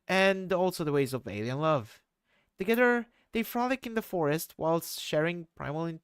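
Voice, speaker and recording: A man's voice: a little high, smooth, dry recording, clean studio sound. A man voicing an eager, old-fashioned young man who speaks in quaint British-style slang.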